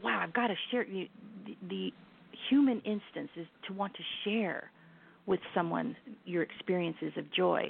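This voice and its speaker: A woman's voice: fairly low pitch, gravelly. A middle-aged woman as an interview guest, talking in an earnest, reflective way with hesitant restarts. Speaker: guest, lifestyle brand founder. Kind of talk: casual interview chat. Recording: tinny phone line.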